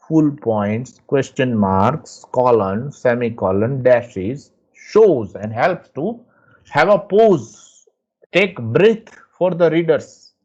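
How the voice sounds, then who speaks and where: A man teaching a lesson from slides, explaining slowly and repeating himself. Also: medium pitch, a little mellow, highs cut off. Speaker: English teacher. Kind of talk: slide lecture.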